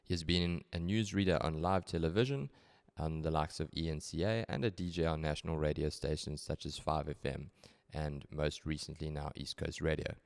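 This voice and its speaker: A man hosts a podcast with upbeat enthusiasm. His voice is low-pitched, and he introduces his guest and prompts the conversation warmly. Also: moderate pace, few pauses. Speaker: podcast host. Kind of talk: casual podcast interview.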